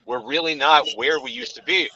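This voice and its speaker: A podcast co-host rambles about films from his moving car, peppering his talk with "you know." His voice is a little high and fairly quick, bright and forceful. The recording sounds dull and lo-fi, with faint background noise.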